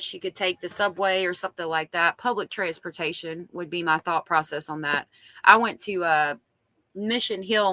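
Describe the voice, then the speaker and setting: With a lowish, bright voice and a forceful tone, a woman speaks with no echo around her. She has a strong Southern accent and hosts a true crime live stream, reading diary entries aloud and chatting with viewers in between. She comes across as chatty, reacting to chat as she reads.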